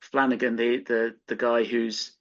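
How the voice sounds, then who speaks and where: A British man on a casual podcast, pausing and restarting as he hunts for the right word. His voice sits at a mid pitch, and the audio is a little dull and lo-fi. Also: flat delivery, a bit bright. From United Kingdom. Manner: halting, searching for words. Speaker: podcast co-host.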